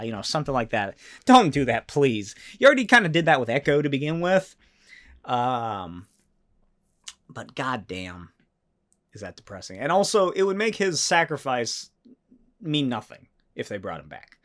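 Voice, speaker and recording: A man hosting a solo podcast, talking casually and excitedly, with frequent swearing and animated rants. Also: medium pitch, normal speed. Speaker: podcast host.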